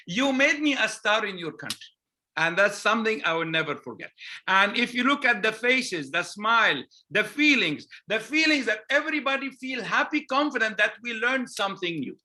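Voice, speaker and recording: A man with an Egyptian accent, a gynecologist telling stories in a lively conference talk, often adding "okay?" as an aside. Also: high-pitched. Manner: animated, anecdotal, with frequent "okay?" asides. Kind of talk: storytelling conference lecture.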